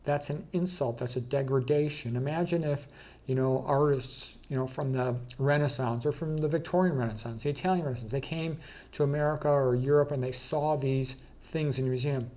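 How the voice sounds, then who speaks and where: A man's voice: mid-range voice, a little fast, mellow. A man casually presenting an art slideshow, blunt and emphatic, with frequent "okay" and "you know".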